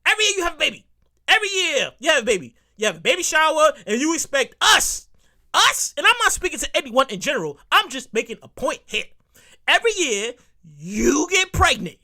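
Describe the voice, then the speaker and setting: Excitable, bright-voiced New York podcast host. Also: high-pitched, fast talker. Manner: excitable, repeats phrases, swears freely. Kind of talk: solo comedic rant.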